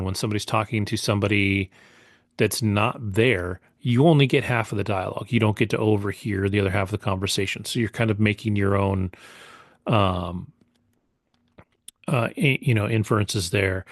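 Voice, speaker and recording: A man talks through a film review in loose, casual podcast chat, with plenty of fillers and restarts. His voice sits fairly low. The sound is dry and close, with no room around it. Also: moderate pace, no room sound. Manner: rambling, many fillers and restarts. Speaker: podcast co-host.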